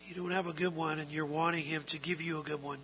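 A pastor delivering an earnest sermon in a high, piercingly bright voice. He poses rhetorical questions to the congregation and climbs into loud, forceful passages. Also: fairly even intonation, quick pace, slight background noise, rough recording. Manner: earnest preaching, rising to loud emphatic stretches; asks the audience rhetorical questions. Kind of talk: expository sermon.

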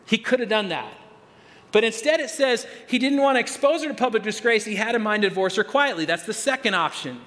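A man with a notably high voice preaches a sermon in a conversational way. He often restarts and repeats words, then leans hard on the key phrases. His voice rings out with the long reverb of a large hall. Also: expressive, a little fast, bright, forceful tone. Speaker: pastor.

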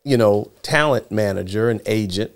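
A man's voice: on the low side, normal speed, smooth. A middle-aged man telling a story from his childhood in a casual chat, acting out the people in it with changing voices. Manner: animated storyteller acting out quotes in shifting voices. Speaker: guest, former child actor.

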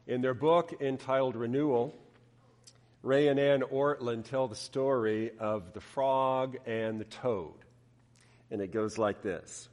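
A man preaching a sermon, telling a story in an unhurried, expressive way. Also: mid-range voice. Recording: reverberant hall.

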